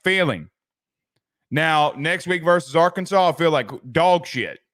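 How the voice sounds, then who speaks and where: A man's voice: on the high side, animated, a little slow, a bit bright. A man hosting a sports podcast, chatting loosely and reading viewer comments, with frequent restarts and casual swearing.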